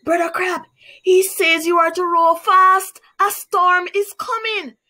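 A woman's voice: lively intonation, takes it slowly, full character voice. A woman voicing a scheming, bossy male spider trickster in a read-aloud storybook, speaking in a raised, commanding voice. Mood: bossy threatening. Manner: bossy, threatening, raised higher voice.

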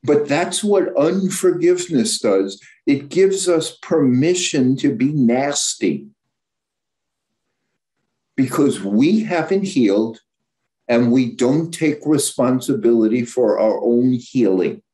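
This guest speaker, a male psychologist, has a warm, expressive voice of medium pitch and a slow delivery. His lecture is informal, candid and blunt, with plenty of stumbling and self-correction.

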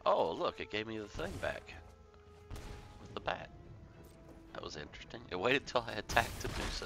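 Deep, gravelly man commentating a card game. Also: sing-song, normal speed, long pauses. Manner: joking, rambling asides. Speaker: gameplay commentator. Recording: game music playing behind.

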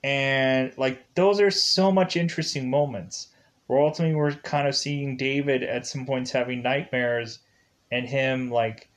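Slow, rambling man reviewing a film. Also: medium pitch, steady tone. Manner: rambling, heavy on fillers like "like" and "uh"; chuckles while retelling scenes. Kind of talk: casual video review.

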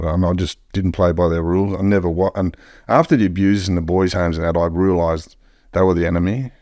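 A man's voice: low-pitched, flat delivery, fast talker, vocal fry, darkish tone, no echo, studio quality. An Australian man telling stories as a podcast guest in a blunt, heavily profane way. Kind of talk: casual storytelling.

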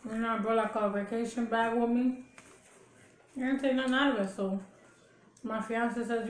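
A woman's voice: a little high, moderate pace. Chatty woman vlogger, echoey room. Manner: chatty storytelling with laughs and chewing sounds. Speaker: mukbang vlogger. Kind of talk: casual chat while eating.

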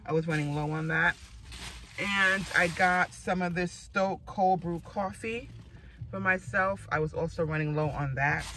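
A woman's voice: on the low side, a little slow, pushed and bright, poor audio. A woman in her forties vlogging in a casual, rambling way and laughing often. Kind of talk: casual chat.

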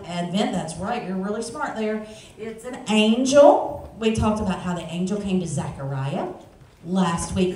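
A woman's voice: mid-range voice, darkish tone, slight background noise. A woman leading a children's message in church, coaxing the kids to open presents and joining them in a short prayer. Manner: friendly, coaxing, talking to children. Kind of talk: children's sermon with props. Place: church sanctuary. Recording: echoey church sanctuary from far off.

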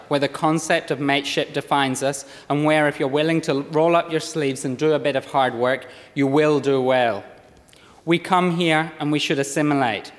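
This man, a member of parliament from Scotland in his thirties, speaks with a lowland accent mellowed by years living in Australia. He reads a measured, formal address with the odd slip, and the large chamber adds a long reverb.

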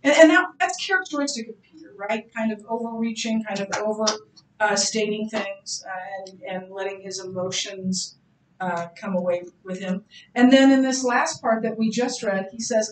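A woman's voice: medium pitch, normal speed, slight background noise. Earnest woman teaching a church class. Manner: earnest and conversational, thinking aloud with restarts. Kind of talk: church class lecture, reading scripture aloud. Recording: roomy sound from far off.

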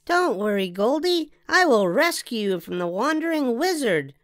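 Woman reading as a little girl, excitable, theatrical, very high, dry close sound. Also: normal speed, no echo. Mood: playful. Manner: theatrical, sing-song and dramatic.

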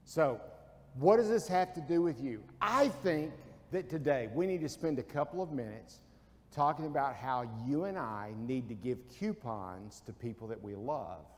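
A man's voice: medium pitch, lively intonation, moderate pace, a little mellow. Folksy preacher man in a reverberant church. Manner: folksy, asks the congregation questions and answers them himself. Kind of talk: sermon. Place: church sanctuary.

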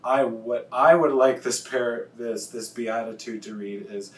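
A man, a pastor, preaching a sermon in an earnest, confessional way and slowing down to stress key words. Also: fairly even intonation. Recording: echoey room, distant mic, faint rumble.

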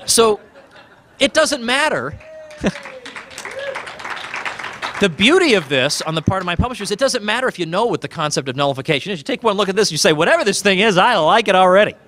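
A man giving a public talk about his book, animated and sardonic, pressing his points with emphasis. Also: on the high side, dry recording. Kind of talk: public speech.

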